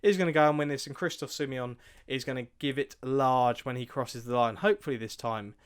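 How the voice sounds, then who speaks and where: A man talks through racing picks in a casual, chatty way. His voice is smooth and clear, pitched mid-range for a man, and he often pauses with ums and restarts his sentences. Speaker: co-host of a racing tips show. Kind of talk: casual chat.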